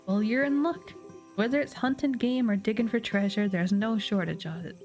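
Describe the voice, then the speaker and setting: A woman's voice: medium pitch, moderate pace, darkish tone, faint music behind, natural voice. A woman reading aloud the lines of a friendly frontier wagon guide from a game, in her own plain voice without an accent.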